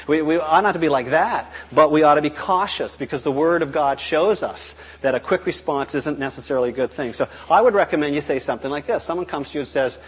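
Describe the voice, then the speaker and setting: Male preacher, husky voice, animated delivery with acted-out dialogue; reverberant hall sound. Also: a little high, quick pace, hardly any pauses. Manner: animated, acts out dialogue in quotes. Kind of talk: sermon.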